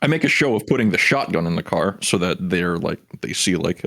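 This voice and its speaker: A man's voice: deep voice, expressive, a little fast, creaky, few pauses, pushed and bright. A man playing a tabletop game, describing his character's actions matter-of-factly with dry humor. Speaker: player. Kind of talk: tabletop game narration as a player.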